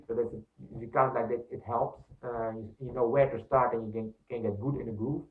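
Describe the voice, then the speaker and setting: A man's voice: mid-range voice, steady tone, fairly quick, hardly any pauses. A man teaching percussion, explaining step by step with many fillers and counting beats aloud. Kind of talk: instructional demonstration. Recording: echoey room, distant mic, thin phone-like sound.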